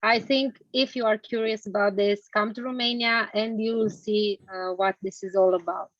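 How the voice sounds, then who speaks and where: A woman's voice: mid-range voice, steady tone, moderate pace, no echo. A woman panelist on a video call, upbeat and promotional in tone. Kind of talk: panel remarks. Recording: dry dull call audio.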